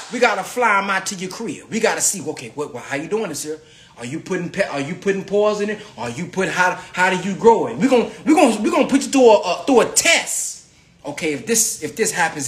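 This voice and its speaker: A man hosting a live stream, pitching a farm venture to his viewers in an emphatic, repetitive way that keeps calling out to the audience. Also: a bit bright, reverberant. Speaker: livestream host promoting a farm venture.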